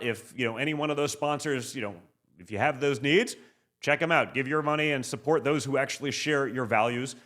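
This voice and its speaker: A man hosting a political interview show, talking quickly and emphatically and tagging his asks with "okay". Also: mid-range voice, a bit bright. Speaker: podcast host.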